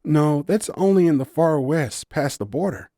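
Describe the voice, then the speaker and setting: A man's voice: a little high, sing-song, normal speed, warm tone, no room sound, studio quality, voice pushed up. A man voicing a curious, bubbly young female forest fawn spirit in an audiobook story, eager and wide-eyed. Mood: awestruck.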